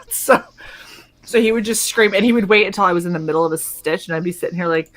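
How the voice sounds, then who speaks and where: A woman hosting a casual chat, telling a story in an animated way and acting out the lines she quotes. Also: on the low side, fast talker. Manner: animated storyteller, acts out quotes, swears freely. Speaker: streamer host.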